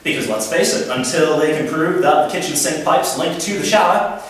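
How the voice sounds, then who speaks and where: A man's voice: a little high, brisk. A young man with a Geordie accent doing a stand-up comedy set, telling rambling, self-deprecating stories. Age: young adult. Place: student comedy club room. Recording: echoey room, distant mic, noisy. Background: audience laughter.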